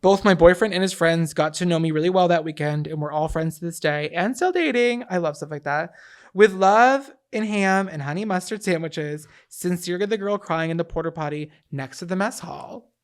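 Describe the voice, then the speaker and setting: Animated woman podcast co-host. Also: lowish voice, moderate pace. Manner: animated, emphatic commentary. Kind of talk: casual chat, reading listener stories aloud.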